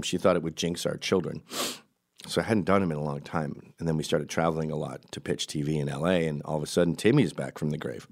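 A middle-aged man from Canada telling an animated story, jumping into high put-on voices and laughing mid-sentence. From Canada, raised in Quebec. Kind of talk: storytelling monologue.

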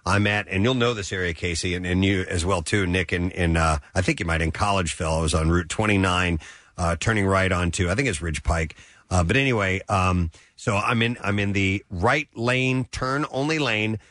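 A middle-aged man, co-hosting a show and telling a story in a casual, animated way. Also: low-pitched, normal speed, no echo, clean studio sound. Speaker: radio show co-host. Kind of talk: casual chat.

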